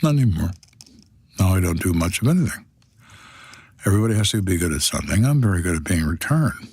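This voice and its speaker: A man's voice: sits low, very animated, quick pace, a little mellow, breathy edge, dry recording. Blunt, dry-humored man in his 60s. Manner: blunt, dry, wry storytelling. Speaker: retired detective, podcast host. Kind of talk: storytelling on a podcast.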